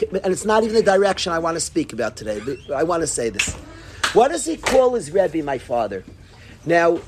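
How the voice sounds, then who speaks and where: A man's voice: high-pitched, slight background noise. A man teaching an informal Torah class, acting out dialogues and repeating his phrases. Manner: animated, acts out dialogues, laughs, repeats phrases.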